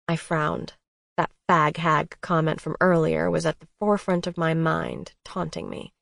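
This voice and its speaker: A woman's voice: low voice, little pitch movement, a little slow, vocal fry, a bit bright, no echo, clean studio sound. A woman narrating a first-person romance audiobook in an intimate, emotional way.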